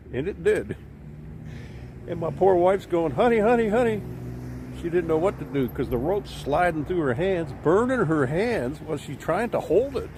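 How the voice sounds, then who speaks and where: A man's voice: fairly high pitch, animated, moderate pace. A man telling a long story to his own camera at a boat launch, folksy and rambling with plenty of fillers. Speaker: widower vlogger. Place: outdoors at a boat launch by a creek. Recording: outdoor noise with traffic behind.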